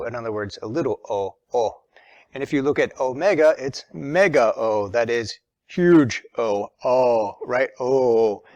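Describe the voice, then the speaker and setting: A man's voice: mid-range voice, no echo. A man teaching a religion lesson in a patient, methodical way, stressing key words as he explains.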